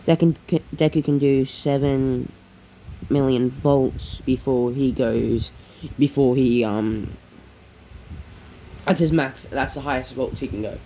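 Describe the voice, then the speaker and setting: A man's voice: medium pitch, fairly even intonation, slow, mellow, a little hiss or hum, rough recording. A man casually narrating a fan-made story, rambling with many fillers and self-corrections.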